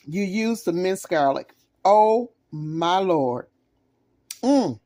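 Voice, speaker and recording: A woman's voice: medium pitch, dark tone. A woman with a Southern US accent, hosting a casual cooking vlog, gushing and exclamatory as she tastes food on a phone camera and chats with viewers. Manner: talks while eating. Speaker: home cook, channel host.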